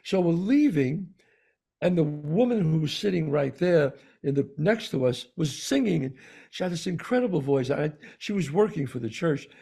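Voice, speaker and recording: A man spins a story as a podcast co-host, with a gravelly, husky voice. His pitch sits a little high and swings widely. He leans on repeated words to drive his points home. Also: expressive, normal speed, mellow. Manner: emphatic, repeats words for stress. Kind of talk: casual storytelling chat.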